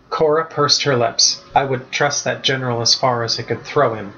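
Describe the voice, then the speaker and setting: Male author narrating his book, steady and even, mid-pitch, muffled lo-fi sound. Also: normal speed. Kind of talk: storybook narration. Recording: muffled lo-fi recording.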